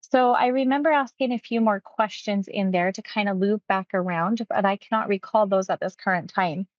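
Woman hypnotherapist, quick animated storytelling, dry slightly dull sound. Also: mid-range voice, dry recording. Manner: quick, animated retelling with acted quotes. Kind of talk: storytelling about a client session.

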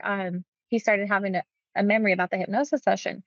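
A woman's voice: mid-range voice, steady tone, quick pace, no room sound, dull audio. A woman hypnotist casually retelling a client session, acting out the quoted lines with animation.

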